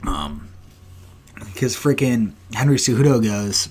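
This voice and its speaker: A young man in his twenties hosts a solo podcast, talking casually in a lowish voice. He is blunt and profane and gets animated as he rants. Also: normal speed. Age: 20s. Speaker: podcast host.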